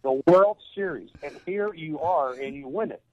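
An older man, a former baseball coach, tells a moving personal story in a halting way, repeating words as he is moved to tears. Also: on the high side, a little mellow, slight background noise. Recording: tinny phone line.

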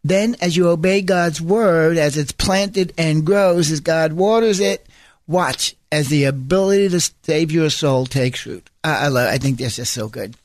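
A man's voice: on the high side, measured pace, no echo. A man preaching a sermon, stressing points by repeating phrases and breaking off into conversational asides. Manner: conversational asides and self-corrections.

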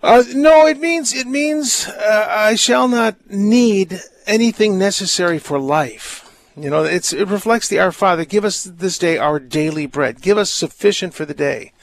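Gravelly older priest talking on the radio. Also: male voice, sits high, a little slow, dry recording. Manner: chatty, rambling, laughs often, stumbles over words. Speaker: priest hosting a call-in radio show. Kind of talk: casual call-in radio talk.

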